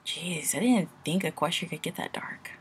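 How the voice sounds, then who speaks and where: A woman chatting casually and giggling between read-aloud lines of a story, with a husky voice. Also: fairly low pitch, normal speed.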